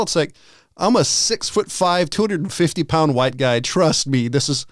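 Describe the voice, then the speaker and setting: A man's voice: on the high side, moderate pace, no echo, clean studio sound. A man co-hosting a podcast, telling stories with lots of stammered restarts. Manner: stammering restarts, laughs often. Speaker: podcast co-host. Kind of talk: casual banter.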